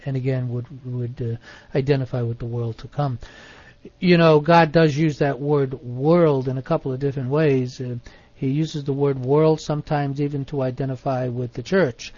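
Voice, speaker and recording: A man teaching in an online Bible study, measured, stressing single words, with many fillers. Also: medium pitch, mellow, dry recording, highs cut off.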